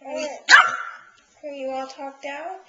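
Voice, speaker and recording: A woman's voice: high-pitched, flat delivery, unhurried, highs cut off, very noisy. A woman talking baby talk to her infant at home, cooing and laughing in a sing-song way, filmed on a handheld camcorder. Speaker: mother filming her baby. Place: home, indoors.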